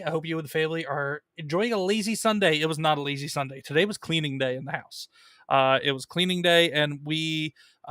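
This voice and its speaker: Bright-voiced man hosting a comics stream. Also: fairly high pitch, no room sound, studio quality. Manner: chatty, with many fillers and restarts, reads viewer messages. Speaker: host of a comic book live stream. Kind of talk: casual live-stream chat.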